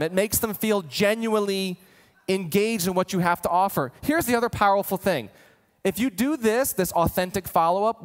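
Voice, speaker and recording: A man giving an energetic marketing training talk, animated and acting out imagined customers. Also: high-pitched, in a large hall. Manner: animated, voices imagined customers, gets worked up. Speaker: marketing coach.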